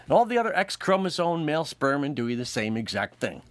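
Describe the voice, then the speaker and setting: A man hosts his own comedy show with a stand-up monologue. His voice sits a little high and swings widely as he jokes. The sound is dry and close. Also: brisk, no echo. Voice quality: animated, jokey, laughs often.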